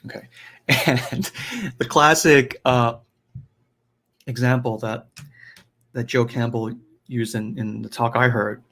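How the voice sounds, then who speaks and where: A man speaking at a middle pitch gives a relaxed teaching talk over a video call. His delivery is loose and chatty, full of little check-ins with his listeners as he explains his ideas. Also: slow pace, pauses often. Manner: conversational, peppered with "right?" and "you know". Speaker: spiritual teacher and advisor. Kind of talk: live online teaching talk.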